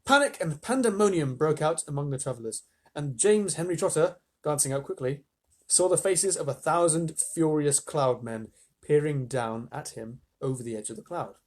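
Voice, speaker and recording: A man reading a children's storybook aloud to live listeners, animated, with chatty asides. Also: fairly high pitch, normal speed.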